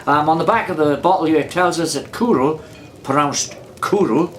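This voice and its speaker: A man's voice: fairly high pitch, fairly quick, a little hiss or hum. A Welsh man hosting a casual beer review vlog, chatty and rambling, repeating himself and drifting into anecdotes. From Wales.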